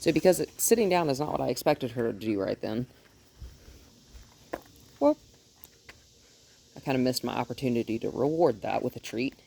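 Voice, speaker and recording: A woman dog trainer explaining a training session outdoors, calm when explaining and high and sing-song when praising the dog. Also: moderate pace, vocal fry, long pauses, slight background noise.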